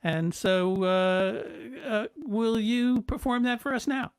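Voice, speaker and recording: A man's voice: high voice, slow pace, clear, resonant tone, dry recording, clean studio sound. A man hosting a home webcast, introducing a guest with lots of hesitation. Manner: hesitant, many fillers and restarts. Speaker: host.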